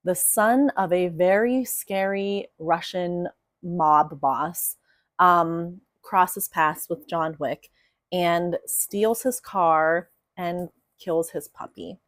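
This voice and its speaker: Young female writing coach, chatty and animated, voice sits a little low, close dry sound. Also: extremely slow, no room sound. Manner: chatty, animated storyteller with many fillers. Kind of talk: casual explainer to camera.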